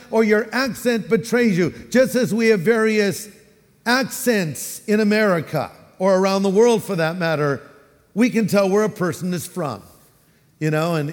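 High-voiced Californian pastor preaching in a hall. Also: male voice. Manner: animated, acts out quoted voices and asides. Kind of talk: sermon.

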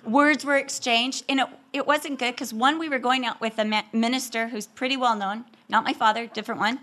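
A woman's voice: fairly high pitch, brisk. A woman speaking to a women's audience about marriage, telling a funny personal story and acting out the quoted lines. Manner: animated, humorous, acts out quotes.

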